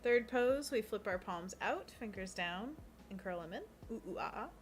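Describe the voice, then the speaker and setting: A woman's voice: medium pitch, animated, moderate pace, slight background noise. A woman co-hosting a casual livestream, guiding viewers through hand stretches and reading chat with a giggly, playful manner. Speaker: co-host of an art livestream.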